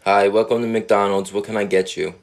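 A blunt counter worker, played by a man, speaks in a low, flat, deadpan voice. He tells customers exactly how it is. It's a comedy sketch. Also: a little fast, slight background noise, natural voice.

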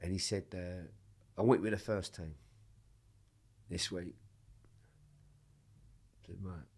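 A man with a low voice tells his stories with a lot of energy. He swears all the time and keeps the chat loose and casual. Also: takes it slowly, slightly rough. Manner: swears constantly, animated storytelling. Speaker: podcast guest.

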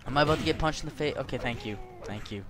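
In a racing, mid-range voice, a young man rattles off let's play commentary. He swears constantly and hurls insults at the on-screen characters.

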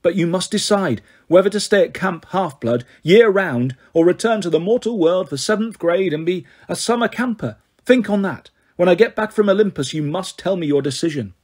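A man voicing a wise, patient male centaur teacher in an audiobook, speaking in a measured, firm and gently insistent way. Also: high voice, lively intonation, breathy edge. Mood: grave, gentle. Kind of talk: audiobook character reading.

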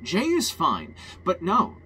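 A man's voice: sits high, huge pitch swings, takes it slowly, pushed and bright, a little hiss or hum. A man ranting in a heated, rambling personal monologue, swearing often and restarting his sentences.

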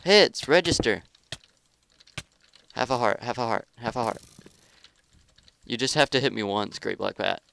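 A man giving live gameplay commentary as a gaming YouTuber, excitable, trash-talking opponents and grumbling about lag. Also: medium pitch, normal speed, vocal fry, long pauses, smooth.

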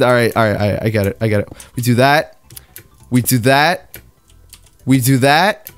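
A young man giving excitable gaming commentary, talking to himself while he plays. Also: medium pitch, moderate pace, pauses often, dry recording, soft background music. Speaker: gaming YouTuber.

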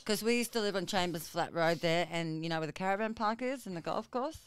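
Deep-voiced laughing Australian woman. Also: quick pace, clear, resonant tone, no room sound, clean studio sound. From Brisbane area, Australia. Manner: laughing storyteller, crude humour. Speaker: podcast guest. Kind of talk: casual chat.

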